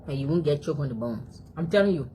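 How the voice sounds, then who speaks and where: Low-voiced woman chatting while eating. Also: animated, fast, dark tone, slight background noise. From Africa. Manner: chatty, talks to her dog between mouthfuls, frequent chewing hums. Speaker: vlogger. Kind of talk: casual eating vlog chat. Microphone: phone.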